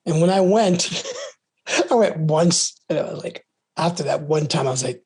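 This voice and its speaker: A man's voice: on the high side, normal speed, breathy edge. A middle-aged man from the United States, a podcast guest giving earnest, encouraging advice, often repeating words and restarting phrases. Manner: repeats words and restarts, soft trailing ends.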